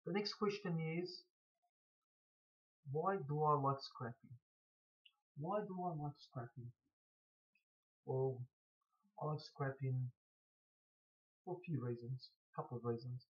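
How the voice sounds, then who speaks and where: Stuffy-nosed man, halting speech. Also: mid-range voice. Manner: halting, stuttering, frequent restarts. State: blocked nose from hay fever. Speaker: scrap collector vlogger. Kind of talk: casual to-camera Q&A. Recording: dull lo-fi recording.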